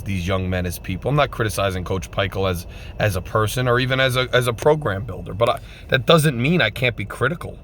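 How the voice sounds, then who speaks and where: A man giving an emphatic, repetitive postgame rant as a fan vlogger, swinging between loud outbursts and subdued sadness. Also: medium pitch, a little hiss or hum.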